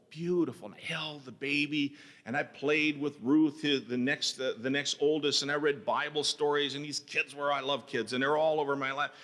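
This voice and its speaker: A middle-aged male pastor preaching with a bright, forceful voice. He tells his stories with passion, rising to loud cries and dropping to hushed near-whispers. The sound is an old cassette recording with long chapel reverb. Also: mid-range voice. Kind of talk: sermon. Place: college chapel.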